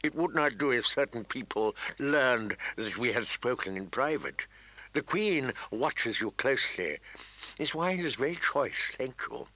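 A sly, courtly eunuch spymaster, voiced by a male reader, talking in soft, smooth, insinuating tones. Every word is polite and measured, but it can narrow to something thin and sharp. The voice keeps a bright edge in a dry, close recording. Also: mid-range voice, animated, no room sound, exaggerated voice.

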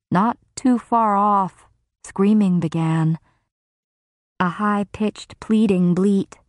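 Audiobook narrator, woman, low register, measured grave delivery, dry close-miked booth. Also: a little mellow, no room sound. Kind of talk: first-person fantasy novel narration.

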